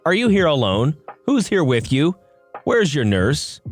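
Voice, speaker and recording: A man voicing a stranger who loudly and deadpan asks after a rude woman's caregiver. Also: on the high side, a little slow, faint music behind. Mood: mock concern. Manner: loud, mock-concerned. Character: calm, deadpan man shutting down a rude shopper.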